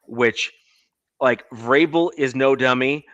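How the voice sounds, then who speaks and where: A man's voice: mid-range voice, takes it slowly, fairly bright tone, dry recording, highs cut off. A man from Canada co-hosting a casual sports podcast, opinionated and repeating himself to make a point. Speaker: podcast co-host.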